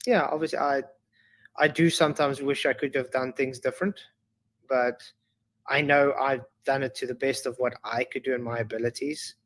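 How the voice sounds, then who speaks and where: South African man, halting talk. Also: medium pitch, fairly even intonation, fairly bright tone. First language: Afrikaans. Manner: halting, with frequent restarts and fillers. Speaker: interview guest. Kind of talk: casual interview conversation.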